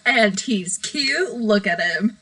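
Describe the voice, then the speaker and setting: A woman's voice: mid-range voice, expressive, takes it slowly, fairly bright tone, poor audio. A woman hosting a casual live stream from her bedroom, rambling, giggly and self-deprecating. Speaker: livestream host.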